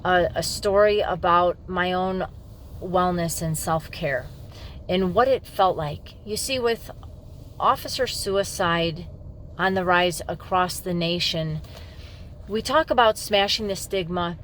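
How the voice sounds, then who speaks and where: A woman's voice: fairly low pitch, a little slow, fairly bright tone, a little hiss or hum. A middle-aged woman police officer candidly telling a personal story to the camera in an emphatic, frank way.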